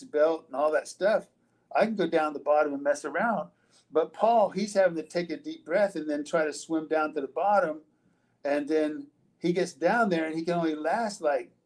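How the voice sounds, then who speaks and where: An older man, a retired wrestler, answers interview questions in a loose, storytelling way, full of restarts, fillers, and casual swearing. His voice is a little high and mellow, and the audio is poor.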